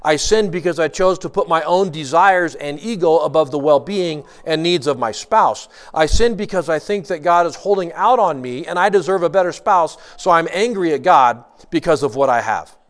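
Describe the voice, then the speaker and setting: A man preaching a sermon, earnest and emphatic, asking rhetorical questions and moving between quick bursts and slow, stressed phrases. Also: a little high. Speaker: pastor.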